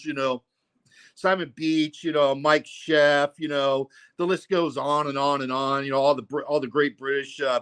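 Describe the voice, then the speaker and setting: A man's voice: high-pitched, a bit bright. A man hosting a casual livestream, rambling and profane, full of "you know, man.". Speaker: livestream host.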